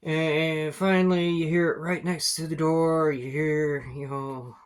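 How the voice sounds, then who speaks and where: Slow, rambling man running a game. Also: on the high side, little pitch movement, smooth. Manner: rambling, laid-back, with fillers and swearing. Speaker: game master. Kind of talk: narrating a tabletop game.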